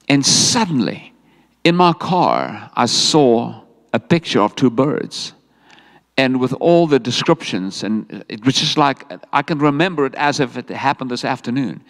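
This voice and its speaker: A middle-aged man with a South African accent preaches a sermon, telling his story with lively energy and stepping into quoted lines. His voice rings through a large hall with long reverb, sitting at a middle pitch for a man. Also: normal speed. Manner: animated storytelling preacher, voicing God and himself in quotes. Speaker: pastor. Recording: echoey hall sound.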